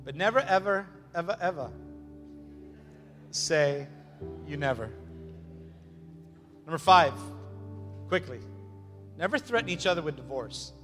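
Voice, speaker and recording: A man's voice: fairly high pitch, expressive, measured pace, long pauses, fairly bright tone. A man preaching a sermon as pastor, emphatic and repetitive, with joking asides. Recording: long hall reverb with faint music.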